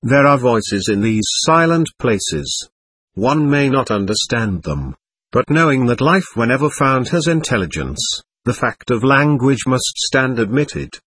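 A man narrating a book in a measured, reflective reading style. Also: mid-range voice, big pitch swings, a bit bright, slightly rough, no echo. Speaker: audiobook narrator. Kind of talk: scripted narration.

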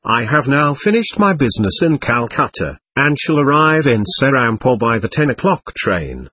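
A calm old guru, as a male narrator reads him. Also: mid-range voice, breathy edge, no echo. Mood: serene. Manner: calm, even and unhurried.

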